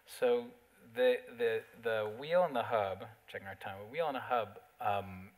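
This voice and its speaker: A man interviewing on a theater stage, framing his questions in a thoughtful, halting way. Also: lowish voice. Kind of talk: onstage conversation.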